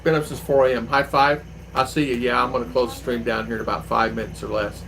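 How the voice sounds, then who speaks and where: An older man chats to his livestream viewers and rambles loosely from one story to the next. His voice sits at an everyday middle pitch, and a faint hiss of background noise runs under it. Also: level tone, fast talker, creaky, a bit bright, low-quality recording. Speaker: livestream host. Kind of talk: casual livestream chat.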